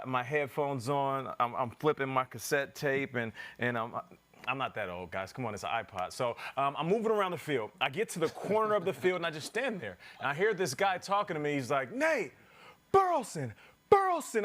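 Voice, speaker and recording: A man in his thirties, a former pro football player co-hosting a sports show, telling a story in a lively way and acting out other people's lines. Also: a little fast. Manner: lively storyteller, acts out quotes in a higher heckler voice. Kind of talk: animated storytelling chat.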